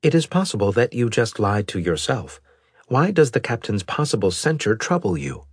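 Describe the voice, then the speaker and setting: A man voicing a polite male alien AI that speaks in a formal, measured, robotic way. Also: mid-range voice, sing-song, breathy edge, no room sound, studio quality, pitched above the performer's own voice.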